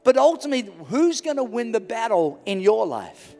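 High-voiced impassioned male preacher. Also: very animated, moderate pace, vocal fry, hardly any pauses. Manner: impassioned, swings from loud to hushed. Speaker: pastor. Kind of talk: sermon. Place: large church hall. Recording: reverberant church hall with music.

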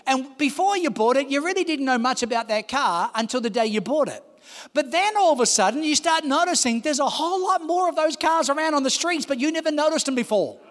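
A man in his fifties preaches to his congregation, his voice pitched unusually high. He builds into shouts and keeps calling out to the room for responses. The sound rings with the long reverb of a large church hall. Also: lively intonation, brisk. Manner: impassioned, rising to shouts, calls to the congregation. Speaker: pastor. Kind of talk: sermon.

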